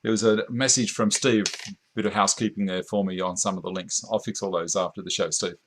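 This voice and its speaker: Australian man, slightly low voice, easygoing host, reads viewer comments aloud, chuckles, home workshop, camera mic. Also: steady tone, a little fast, a bit bright. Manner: chatty and easygoing, chuckles often. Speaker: woodworking live stream host. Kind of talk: casual live stream chat, reading viewer comments. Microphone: camera mic at a short distance.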